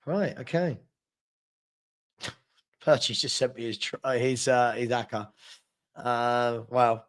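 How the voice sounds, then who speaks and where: A man's voice: mid-range voice, slow. A young man hosting a live football watchalong, reading out viewer comments with sarcastic banter. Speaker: fan channel host.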